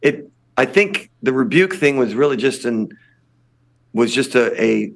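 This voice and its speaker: A man's voice: mid-range voice, animated, unhurried, creaky. An older man, a punk singer, chatting casually as a guest, rambling with many restarts. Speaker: lead singer of a punk band, podcast guest. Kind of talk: casual interview chat.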